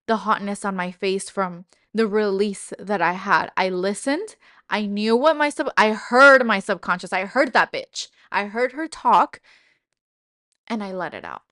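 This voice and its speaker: Hosting a self-help podcast, a woman talks candidly and emotionally about her own experience, swearing casually along the way. Her mid-range voice has a fairly bright tone, captured in studio quality without echo.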